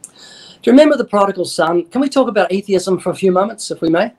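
A man guesting as an evangelist in an interview explains things in an earnest, emphatic preaching style, quoting scripture and acting out little dialogues. His voice is high-pitched and darkish in tone, and he talks fast and animatedly.

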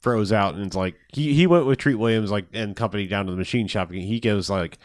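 A man's voice: lowish voice, fast, no room sound, clean studio sound. A man on a podcast recapping a movie in casual chat, rambling, swearing often and laughing as he retells scenes. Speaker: podcast co-host.

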